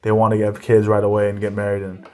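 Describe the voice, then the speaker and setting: A man's voice: on the low side, completely flat delivery, fast talker, darkish tone. A man who is a comedian, chatting casually as an interview guest, telling stories with lots of restarts and laughs. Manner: laughing, rambling storyteller with many restarts.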